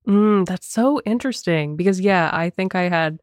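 Animated woman discussing films. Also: on the low side, dry recording, clean studio sound. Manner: animated, laughs often, talks in quick bursts. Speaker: podcast co-host. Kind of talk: casual film discussion.

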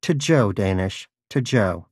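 A man's voice: lowish voice, expressive, slow, a little mellow, slightly rough, no room sound, studio quality, heavily acted. A man voicing a pious, anxious male pet rodent who talks in a fervent, preachy and bitter way. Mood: reproachful.

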